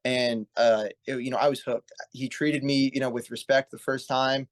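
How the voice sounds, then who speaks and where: In a casual interview, a pro wrestler in his 20s shares his story with earnest rambling and frequent self-corrections. He speaks at normal speed in a mid-range voice with a level tone.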